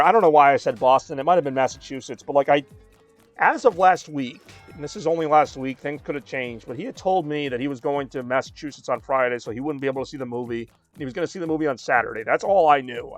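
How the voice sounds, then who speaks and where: A man's voice: mid-range voice, expressive, fast, no echo, soft background music. A man in his thirties streaming a game and chatting casually, rambling with lots of fillers. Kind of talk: casual chat while gaming.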